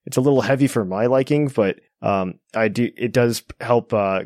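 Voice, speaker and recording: A man hosting a podcast in casual chat, relaxed and rambling with plenty of fillers. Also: mid-range voice, moderate pace, dry recording, clean studio sound. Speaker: podcast host.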